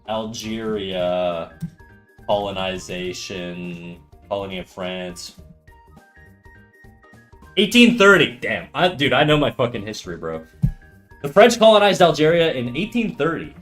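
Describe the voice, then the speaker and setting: A man's voice: on the low side, sing-song, measured pace, long pauses, fairly bright tone, faint music behind. A man on a casual livestream, rambling, restarting sentences and cursing casually as he chats. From Canada. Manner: rambling, self-correcting, joking, swears casually. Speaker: streamer teaching drawing.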